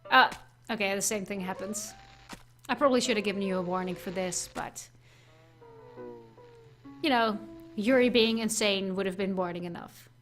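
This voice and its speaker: A woman's voice: medium pitch, normal speed, long pauses, a bit bright, faint music behind. A young woman hosting a let's play, chatting casually and rambling, often restarting her sentences. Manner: chatty, rambling, self-interrupting. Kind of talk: casual game commentary.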